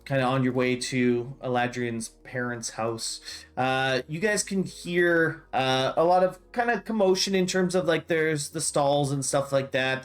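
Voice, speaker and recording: A young man narrating as game master of a tabletop game, with loose, filler-heavy narration. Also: mid-range voice.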